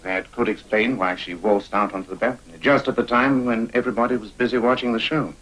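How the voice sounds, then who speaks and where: An actor playing a cool, needling private eye in a 1950s crime film, dry and sardonic. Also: male voice, medium pitch, fairly even intonation, fast talker, a bit bright, breathy edge, rough recording.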